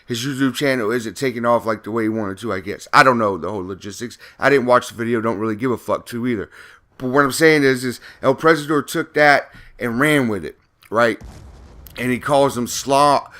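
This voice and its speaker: A man's voice: medium pitch, bright, forceful tone. A man, a gaming YouTuber, talking in a casual, profane, rambling rant over gameplay commentary.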